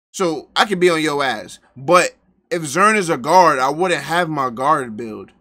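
A man hosting a live reaction stream, excitable and profane, bantering with his chat. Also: a little high.

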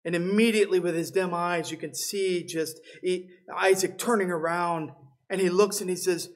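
A pastor preaches from the pulpit and retells a scripture story with steady, earnest delivery. He walks his listeners through the passage, stopping now and then to explain it. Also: high-pitched, normal speed. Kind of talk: sermon.

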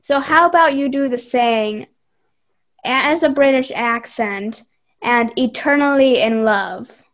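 A woman's voice: fairly high pitch, slow pace. A woman co-hosting a chat, giving out acting prompts upbeat and laughing along. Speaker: co-host. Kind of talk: game-show style hosting.

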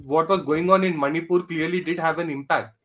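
A man's voice: a little high, steady tone, brisk, fairly bright tone. A man, a panelist on a podcast, talking politics thoughtfully with lots of fillers and dry sarcasm. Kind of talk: casual political discussion.

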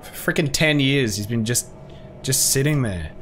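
A male streamer doing casual let's-play commentary, excitable, joking and swearing at the game. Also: medium pitch, normal speed, a little hiss or hum. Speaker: gaming streamer.

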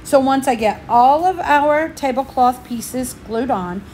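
A woman's voice: high-pitched, unhurried, a little mellow, slight background noise. A woman, slightly out of breath, chatting through a step-by-step craft tutorial for her channel. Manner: chatty, homey, explains each step.

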